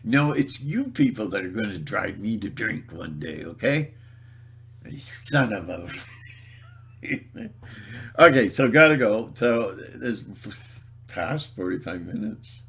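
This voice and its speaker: A man's voice: on the low side, animated, takes it slowly, gravelly, long pauses, a bit bright. A man video blogging in a rambling, theatrical, joking monologue.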